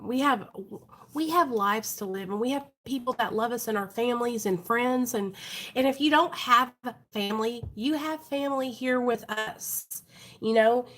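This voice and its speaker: This is a woman speaking in a somewhat high, expressive voice at a normal speed. She's running a recovery livestream from home, talking frankly and earnestly to her audience in a casual way and frequently addressing them as "you guys."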